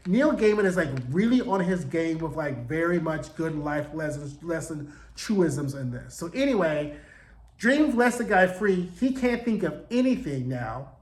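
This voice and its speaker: A man giving a casual, animated recap of a show, jumping into quick voices for the characters and swearing freely. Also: a little high, roomy sound, rough recording. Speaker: show reviewer.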